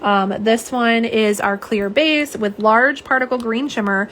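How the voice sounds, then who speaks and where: A woman's voice: fairly high pitch, fairly even intonation, unhurried, a bit bright, slight background noise. A young woman, chatting casually on a live stream as she swatches nail polish and reads viewer comments aloud, with rambling asides and fillers. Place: home office.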